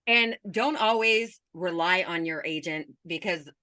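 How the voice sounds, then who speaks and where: Woman host, lowish but bright, tense tone, frank and direct, swears casually; dry sound. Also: unhurried, dry recording. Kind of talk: casual interview chat.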